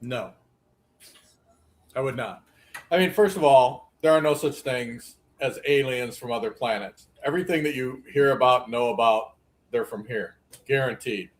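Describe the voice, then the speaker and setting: A man's voice: medium pitch, normal speed. A man speaking as a guest on a panel talk show, blunt and dismissive, sounding irritated.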